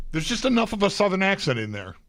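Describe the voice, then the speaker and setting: A man's voice: sits high, a bit bright. A man co-hosting a sports talk radio show, chatting casually with hedges and stumbling starts.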